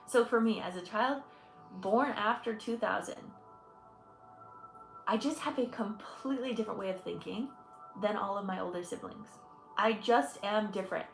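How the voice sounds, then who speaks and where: A woman's voice: medium pitch, moderate pace, gravelly, pauses often, echoey room, soft background music. A woman in her twenties from Michigan hosting a casual livestream chat as an energy healer. She talks chattily and effusively, laughing often and thanking viewers. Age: 20s.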